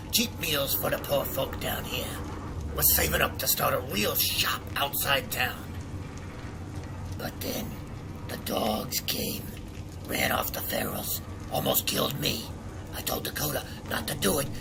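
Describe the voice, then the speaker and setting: A man voicing a paranoid old male trader who lives in the sewers, talking excitably and repeating words with rising alarm in game dialogue. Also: mid-range voice, background noise. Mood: folksy, then agitated. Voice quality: gravelly.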